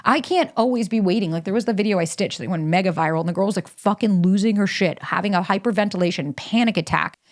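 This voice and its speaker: Animated woman podcast host, emphatic. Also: mid-range voice, fast, hardly any pauses. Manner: emphatic, animated, casual swearing. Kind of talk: solo podcast monologue with ad read.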